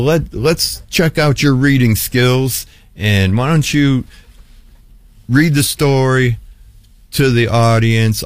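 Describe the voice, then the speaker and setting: A man's voice: mid-range voice, clear, resonant tone, no room sound. A man hosting a radio show, chatting with children in an upbeat, encouraging way and often repeating himself. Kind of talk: casual radio chat with children.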